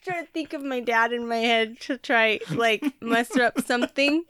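A woman's voice: on the high side, normal speed, a bit bright, clean tone, no echo, clean studio sound. A middle-aged woman co-hosting a podcast in casual chat, teasing and laughing as she interjects. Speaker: podcast co-host.

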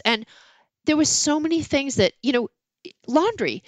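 A middle-aged woman, an author guest in a casual interview, telling candid stories about her marriage with lively, self-mocking asides. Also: high-pitched, a little slow, dry recording.

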